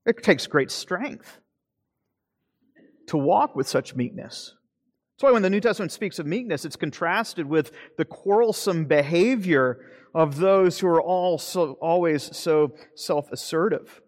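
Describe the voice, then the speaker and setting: A man preaching a sermon as pastor, earnest, slowing for emphasis and then speeding up. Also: fairly high pitch, lively intonation, big-room sound. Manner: earnest preaching, shifting between slow emphasis and quick asides.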